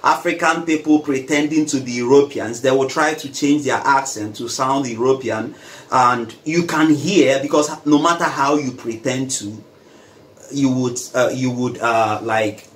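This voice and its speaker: A man's voice: mid-range voice, measured pace. A man hosting a casual conversation, speaking emphatically and turning to address the viewers. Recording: roomy echo, faint noise.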